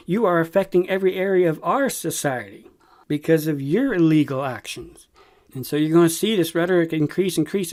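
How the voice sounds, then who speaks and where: A man's voice: fairly high pitch, darkish tone. A man hosting a Christian news briefing, reading headlines aloud and commenting on them with emphasis. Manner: reads news quotes then comments emphatically. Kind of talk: news commentary read-through.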